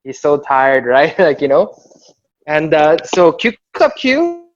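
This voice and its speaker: A man's voice: fairly high pitch, a little slow. A man telling a story in casual chat on a video call, rambling and acting out quotes with laughter. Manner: rambling, animated, acts out quotes with yelling and laughter. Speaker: b-boy crew member telling a story. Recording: muffled video call audio.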